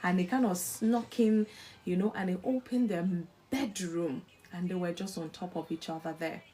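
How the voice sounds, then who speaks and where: A woman's voice: fairly low pitch, moderate pace. A woman hosting a live devotional talk, telling a story with acted-out dialogue and quoting scripture. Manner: animated storyteller who acts out imagined dialogue; preacherly, quotes scripture. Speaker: host of a live faith talk show.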